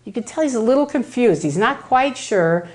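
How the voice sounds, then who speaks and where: A woman giving a lively storytelling talk to an audience in a room, acting out other people's voices as she goes. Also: a little high, normal speed. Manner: animated, acts out other people's voices in quotes. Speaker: lecturer.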